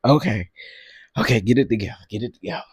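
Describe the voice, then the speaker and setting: A man hosting a casual livestream, talking to his chat in an animated way and laughing often. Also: medium pitch, quick pace, breathy edge, dry recording, clean studio sound. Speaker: livestream host.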